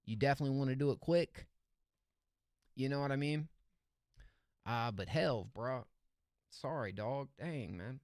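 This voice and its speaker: A young man hosting a live-stream song review, excitable and slangy, laughing often as he reacts. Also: mid-range voice, unhurried, long pauses, no echo, clean studio sound.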